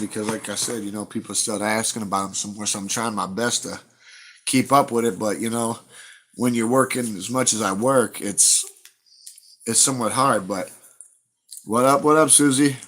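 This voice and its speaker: A man's voice: mid-range voice, fairly even intonation, moderate pace, fairly bright tone. A man, chatting casually to viewers on his livestream, blunt and profane as he rambles through stories. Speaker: livestream host.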